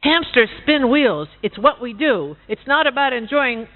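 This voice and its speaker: This is a stubborn male hamster from a storybook, as a woman reads him out, slow and insistent. His pitch moves a lot. The sound is thin and phone-like. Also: very animated.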